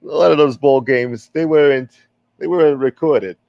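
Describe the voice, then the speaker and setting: A man putting on a gruff old-school mobster who keeps calling himself a gentleman, menacing yet mock courteous. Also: on the high side, normal speed, no room sound, dull audio. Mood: boastful.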